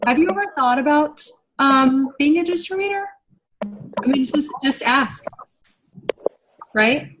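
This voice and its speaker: A young adult woman leading a business team meeting in a casual, animated, rambling way, getting worked up and talking fast when excited. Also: high voice, background noise. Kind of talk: casual motivational training talk.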